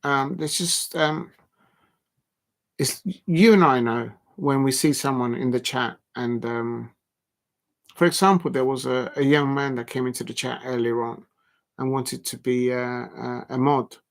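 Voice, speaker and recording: A man's voice: medium pitch, a little slow, creaky. A man, hosting a casual live stream, talking in a rambling, blunt way with many ums and restarts. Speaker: livestream host.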